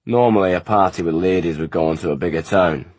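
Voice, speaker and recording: A man's voice: low-pitched, fast talker, darkish tone, dry recording. A man voicing a stern, disapproving male monk who speaks unkindly.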